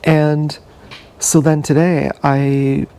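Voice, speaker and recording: A man's voice: on the high side, little pitch movement, extremely slow, dark tone, smooth. A man vlogging live in a rambling, confessional monologue full of restarts, recorded on an action camera. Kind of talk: casual monologue.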